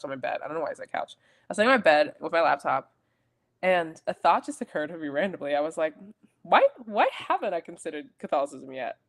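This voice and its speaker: A young adult woman co-hosting a podcast, telling a personal story in a rambling, chatty way with self-corrections. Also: sits low. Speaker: podcast co-host. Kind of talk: casual chat.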